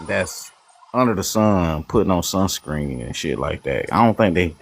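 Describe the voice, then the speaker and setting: A man's voice: low voice, vocal fry, a little hiss or hum. A man on a casual online panel, rambling and profane while he argues his point. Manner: rambling, profane, trash-talking. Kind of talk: heated casual panel debate.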